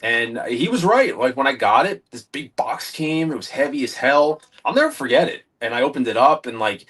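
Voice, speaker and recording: A man's voice: medium pitch, moderate pace, slightly rough. Chatty man telling collecting stories. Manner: animated storytelling, acts out quoted dialogue. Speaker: guest collector. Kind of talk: casual interview chat.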